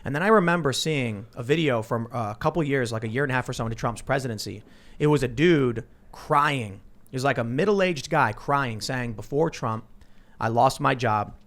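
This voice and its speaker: A man hosting a political talk show, telling stories in an animated, self-interrupting way. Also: mid-range voice, fairly quick. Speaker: podcast host.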